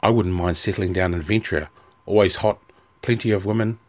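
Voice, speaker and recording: Man reading as a scornful soldier, bitter, sneering, deep voice, audiobook. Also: steady tone, moderate pace. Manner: sneering and resentful. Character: bitter, scornful male Legion officer.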